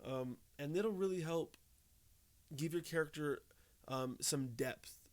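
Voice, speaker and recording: A man's voice: on the high side, takes it slowly, darkish tone. A young man giving casual tips to camera, talking conversationally and often checking in with "okay?" and "right?". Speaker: tabletop game tips host.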